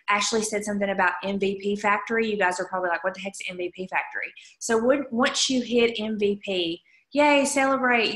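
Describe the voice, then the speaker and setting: A woman's voice: mid-range voice, pushed and bright, reverberant. A woman leading her sales team on a video call, chatty and upbeat, with frequent asides to her listeners. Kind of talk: casual coaching talk on a video call. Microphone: video call microphone.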